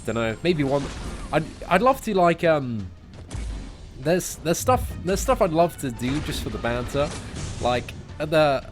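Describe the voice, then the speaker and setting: A man's voice: fairly high pitch, big pitch swings, unhurried. A young British man in his twenties, livestreaming a game and bantering casually with his chat in a laid-back, jokey way. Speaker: gaming livestreamer. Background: music playing.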